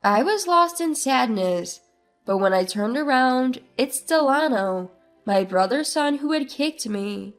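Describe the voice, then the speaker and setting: Brief: high-voiced woman, slow earnest first-person story narration, soft music bed. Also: animated.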